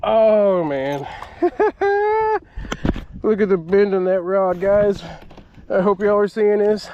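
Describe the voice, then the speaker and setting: A man, excitedly narrating his own fishing vlog from a kayak on a river at night, often exclaiming and laughing. He is recorded on an action camera. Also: high-pitched, takes it slowly, phone-quality sound, background noise. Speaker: fishing vlogger. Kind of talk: excited outdoor vlog commentary.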